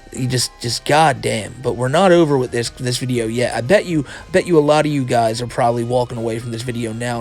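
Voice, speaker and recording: Man, commentary host, casual, rambling, swears a lot, faint music behind. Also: medium pitch. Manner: rambling, profane, restarts a lot.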